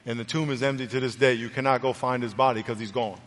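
Speaking fast with a medium pitch and fairly even intonation, this pastor delivers a sermon and altar call in an earnest, conversational style. The church auditorium adds long reverb, with faint music underneath.

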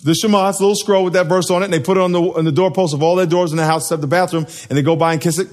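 A man's voice: high-pitched, steady tone, racing, darkish tone. A man preaching a sermon to a live congregation, joking and quizzing the people in front of him. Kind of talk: sermon with call and response.

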